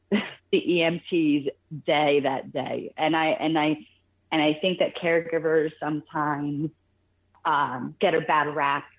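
A woman calling in to a radio show, telling a caregiving story in an earnest, halting way with many restarts. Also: deep voice. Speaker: caller sharing a caregiving story. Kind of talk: phone-in radio conversation. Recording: tinny phone line.

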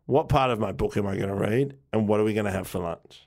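A man's voice: fairly low pitch, quick pace, vocal fry, a little mellow. A man in a loose, casual chat. He rambles through his stories and restarts his sentences as he goes. He laughs easily and swears without a second thought. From Australia. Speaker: podcast co-host.

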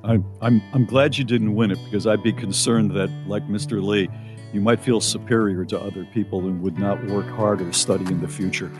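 Male radio co-host, lower voice, dry wry grumbles, soft music bed. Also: fairly even intonation, brisk. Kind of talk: casual radio banter.

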